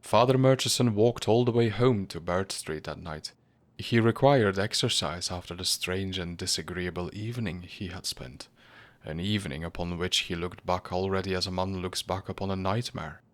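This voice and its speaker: A man narrating a storybook reading in a measured, grave manner. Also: sits low.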